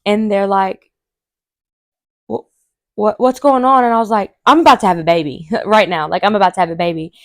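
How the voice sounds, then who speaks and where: A woman, a podcast host telling a story casually and animatedly, acting out quotes in a high voice. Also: brisk, long pauses, no echo, studio quality.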